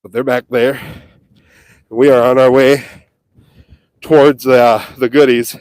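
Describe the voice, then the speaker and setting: A man's voice: mid-range voice, level tone, slow, long pauses, a little mellow, dry recording, clean studio sound. A man chatting casually on a live stream as he walks an outdoor farm field with a handheld mic, talking playfully to his cattle. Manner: playful, sing-song calls to the animals. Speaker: livestream vlogger feeding cattle. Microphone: handheld mic while walking.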